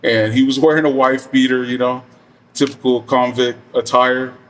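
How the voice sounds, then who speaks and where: A man's voice: medium pitch, little pitch movement, normal speed, a little hiss or hum. Chill middle-aged guy telling a story, swears a lot, lots of like and um, kinda far from the mic. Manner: rambling, profane, laid-back, many fillers. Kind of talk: casual storytelling.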